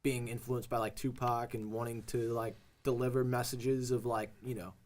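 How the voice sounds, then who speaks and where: A young male interviewer with a mid-pitched voice keeps the chat easy and agreeable. He swears offhandedly and asks loose follow-up questions. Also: flat delivery, normal speed, darkish tone. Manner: easygoing, agreeable, casual swearing.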